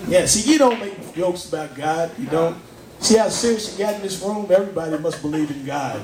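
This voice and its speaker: Man, stand-up comic, very high voice, chatty, laughs at his jokes, echoey noisy pub room. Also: lively intonation, fairly quick. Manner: chatty, asks the crowd questions, laughs at own jokes. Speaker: stand-up comedian. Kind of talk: stand-up comedy set. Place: pub stage.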